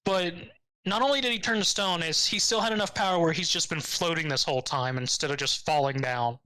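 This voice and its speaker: Man, bright voice, casual chat, acts out characters, sarcastic. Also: on the high side, brisk, smooth, dry recording, low-quality recording. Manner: animated retelling, acting out characters' lines with sarcastic asides. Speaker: podcast co-host. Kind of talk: casual anime recap chat.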